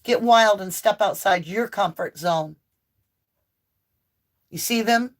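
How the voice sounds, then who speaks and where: A woman's voice: mid-range voice, slow. A woman giving an impassioned, preachy tarot reading full of emphatic declarations. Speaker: tarot reader. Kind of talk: spiritual tarot reading monologue.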